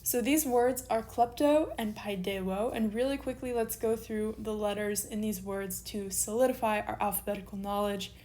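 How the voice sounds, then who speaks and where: A woman's voice: medium pitch, normal speed, hardly any pauses, warm tone, a little hiss or hum. A woman recording an online lesson, patiently spelling out letters one at a time as she explains. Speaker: teacher.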